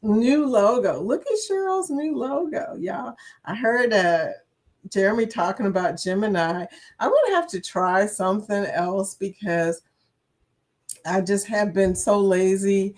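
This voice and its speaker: A woman's voice: medium pitch, expressive, a little slow, a little mellow. An older woman hosting a casual live-stream chat, chatty and laughing often as she reads viewers' comments aloud, with a slight cough and a dry throat.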